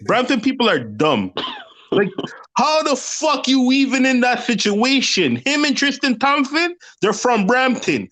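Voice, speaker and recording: Animated, high-pitched man debating. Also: measured pace. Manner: animated and profane, repeats himself. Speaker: panelist. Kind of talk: heated casual debate.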